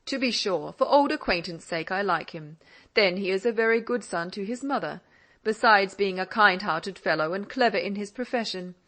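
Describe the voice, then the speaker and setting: A woman's voice: mid-range voice, expressive, normal speed. Woman reading as a fond teasing old father. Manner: indulgent and gently mocking. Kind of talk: audiobook character reading.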